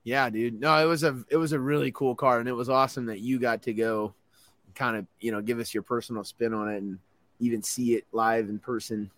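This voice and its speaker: A man's voice: mid-range voice, steady tone, a little fast, dry recording. A young man co-hosting a podcast, laid-back and rambling with a lot of "you know.". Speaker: podcast co-host. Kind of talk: casual chat.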